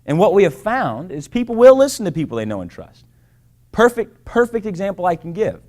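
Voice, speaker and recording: A man's voice: high-pitched, big pitch swings, fairly quick, a little mellow. A man giving an emphatic sales presentation to a live audience, repeating key phrases and checking in with "right?" and "okay?". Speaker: business presenter.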